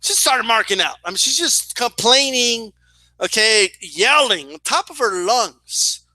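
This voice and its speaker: A young man telling a story in a casual, animated way, swearing and often asking "right?". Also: extremely high pitch, a little slow, no echo. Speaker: boxing and wrestling commentator.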